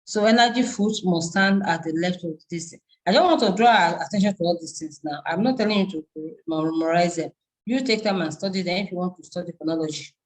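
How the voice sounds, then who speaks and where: Nigerian woman, university lecturer, lowish voice, halting live-class delivery with restarts. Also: rough recording. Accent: Nigerian English. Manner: halting, reads terms aloud with restarts and fillers.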